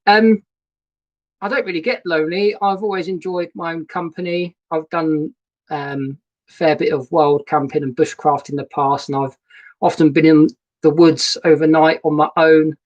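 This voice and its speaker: A man's voice: a little high, steady tone, moderate pace, lo-fi sound. Male host, casual rambling chat, friendly greetings to viewers, sofa-side live stream setup. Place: sofa inside a narrowboat. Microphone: laptop webcam setup.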